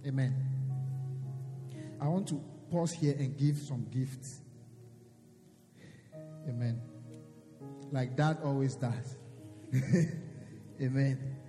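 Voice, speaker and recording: A man's voice: mid-range voice, slow, pauses often, big-room sound, over music. A man preaching a sermon, reading scripture aloud and repeating lines for emphasis.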